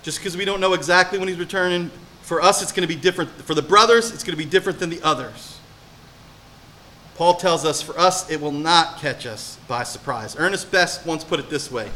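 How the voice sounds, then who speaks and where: A male pastor giving an animated sermon, swinging between hushed and loud delivery and often putting questions to his listeners. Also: a little high, brisk, slight background noise.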